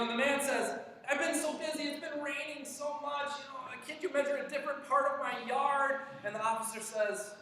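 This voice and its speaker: A man preaching a sermon, telling a story in an animated way and acting out the dialogue with frequent restarts. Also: sits high, slight background noise. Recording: echoey church hall, distant mic.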